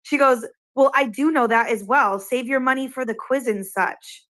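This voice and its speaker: A woman from Massachusetts with a fairly high voice tells a story in casual chat. She retells an online game argument line by line, quoting both sides and swearing freely. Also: normal speed, a bit bright.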